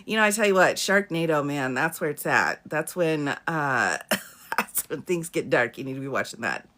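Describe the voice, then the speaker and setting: A woman's voice: low voice, moderate pace. Chatty woman attorney on a live stream. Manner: laughs often, chatty and animated, greets viewers by name. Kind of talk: casual live-stream chat reading comments. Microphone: phone or webcam for a live stream.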